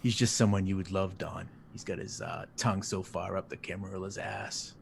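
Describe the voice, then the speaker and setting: A man's voice: low-pitched, steady tone, moderate pace, vocal fry, a little hiss or hum. A man voicing a bitter, proud male vampire guide who speaks in clipped, tense lines. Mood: sardonic.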